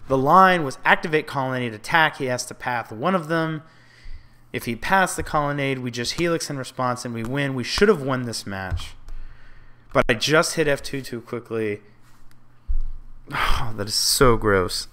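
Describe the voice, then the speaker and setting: Playing an online card game, a man comments casually in a mid-range voice that sounds pushed and bright, keeping a measured pace. He reasons through his moves aloud and scolds himself for errors with frustrated mutters and outbursts.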